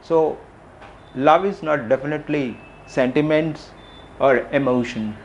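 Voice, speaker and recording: A middle-aged man speaks in a reflective public talk, his voice sitting a little high. He poses questions, repeats phrases and pauses often. A faint noise hums under the recording. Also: lo-fi sound.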